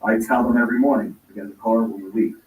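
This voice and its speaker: A man's voice: lowish voice, fairly even intonation, very fast, narrow, tinny audio. A man telling a long personal story in casual talk, rambling and acting out the lines he quotes. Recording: roomy echo, distant from mic.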